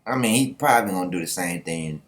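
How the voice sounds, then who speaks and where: A man's voice: low-pitched, lively intonation, quick pace. A young man giving casual, sarcastic manga reaction commentary and laughing often.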